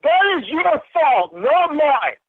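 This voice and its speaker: A man rages through a phone call, his voice pitched unusually high for a man. He swears and accuses without pause. The line is thin and tinny, with a dry, close sound. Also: sing-song, no echo. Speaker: caller. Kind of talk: angry phone confrontation.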